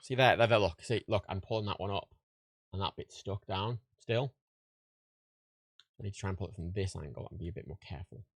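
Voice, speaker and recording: A man's voice: deep voice, brisk, pauses often, no echo. A young man, tired and rambling, swearing and laughing at himself on a casual livestream. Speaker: livestream host.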